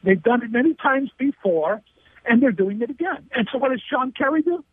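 High-voiced indignant man on a phone line. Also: lively intonation, fairly quick, breathy edge, dry recording. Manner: indignant, emphatic, hammering repetition. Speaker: guest commentator. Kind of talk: phone-in interview commentary. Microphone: telephone line. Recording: tinny dry phone line.

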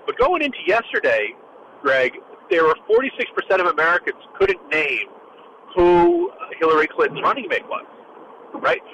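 A man talking casually as a political commentator, animated and jokey, with quick asides. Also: a little high, lo-fi sound, slight background noise.

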